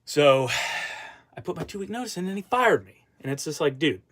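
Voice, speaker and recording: With a somewhat high, bright and expressive voice at normal speed, a man vents about a former boss in a casual vlog. The vlogger and musician rambles, using lots of fillers and trailing asides.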